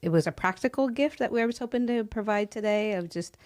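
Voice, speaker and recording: A woman's voice: mid-range voice, fast, darkish tone. A woman hosting a business podcast, supportive and affirming, wrapping up with thanks and a sign-off. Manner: affirming, supportive, frequent "yeah" and "mm". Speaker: podcast host.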